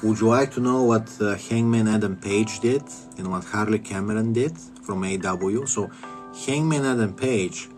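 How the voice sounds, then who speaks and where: A man's voice: lowish voice, normal speed, darkish tone, faint music behind. A man ranting crudely in a commentary vlog, swearing and repeating himself as he goes. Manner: crude, profane, repetitive ranting. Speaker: wrestling vlogger.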